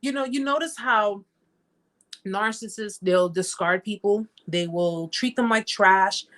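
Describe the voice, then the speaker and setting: A woman hosting a live chat, speaking at a middle pitch in a casual, unscripted way. She reads viewer comments aloud and answers them directly. She repeats her points for emphasis. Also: a little slow, fairly bright tone. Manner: emphatic, repeats phrases, talks straight to viewers.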